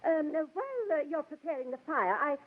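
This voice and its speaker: A woman's voice: high-pitched, very animated, a little fast, phone-quality sound. An actress playing a genteel, hesitant society lady guest in a 1940s radio sitcom. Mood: prim. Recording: hissy old radio broadcast.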